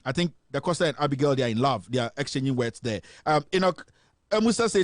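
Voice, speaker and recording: A man with a fairly high voice hosts a live political call-in show, animated and joking as he reads viewer comments aloud. He stumbles through fillers and restarts, and the sound is close and dry with no room around it. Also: fast talker, dry recording. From Ghana. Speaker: host of a live political stream.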